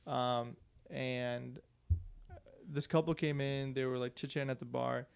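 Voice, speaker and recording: Gravelly profane storytelling guy. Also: medium pitch, flat delivery, measured pace. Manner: loose, profane storyteller with frequent "like" and laughs. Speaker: podcast co-host. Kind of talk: casual podcast chat.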